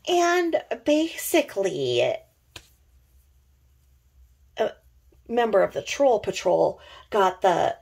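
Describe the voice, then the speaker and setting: A woman's voice: mid-range voice, very animated, slow, gravelly, pauses often, darkish tone. A middle-aged woman with a slightly sore throat, rambling in casual, sarcastic commentary full of fillers. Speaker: commentary vlogger.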